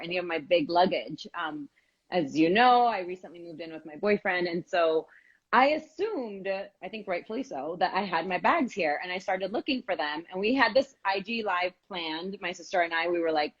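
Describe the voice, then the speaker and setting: Animated woman telling a story, lo-fi. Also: on the low side. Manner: animated storytelling, candid and swearing. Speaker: co-host of a live stream. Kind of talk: casual chat.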